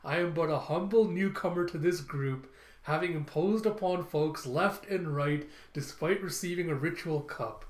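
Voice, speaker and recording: A man's voice: high voice, sharp tone, reverberant, voice pushed up, heavily acted. Jinbei, a man doing a courtly fishman. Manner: courtly, old-fashioned formal speech. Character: hearty formal fishman warrior, adult male.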